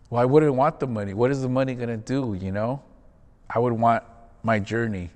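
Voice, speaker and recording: A man's voice: mid-range voice, brisk, a little mellow, long reverb tail. A man who performs in theater, talking in a casual, earnest and reflective way during an interview, often calling the listener "man".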